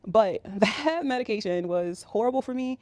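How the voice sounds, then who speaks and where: A woman's voice: fairly high pitch, expressive, normal speed, darkish tone, no room sound. Chatty woman in her thirties, dry sound. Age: 30s. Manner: chatty, rambling, many fillers. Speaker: vlogger. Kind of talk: casual storytime.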